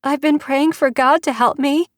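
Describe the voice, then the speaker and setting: A woman's voice: steady tone, moderate pace, dry recording, studio quality, lightly acted. A woman voicing a trembling, frightened little girl. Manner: trembling, high and pleading. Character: frightened young girl held captive.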